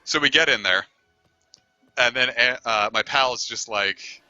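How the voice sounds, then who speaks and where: A man's voice: mid-range voice, unhurried, bright, forceful tone, no room sound, lo-fi sound, faint music behind. A man streaming a game, telling a long story in a rambling, easygoing way and swearing casually. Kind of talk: casual storytelling over gameplay.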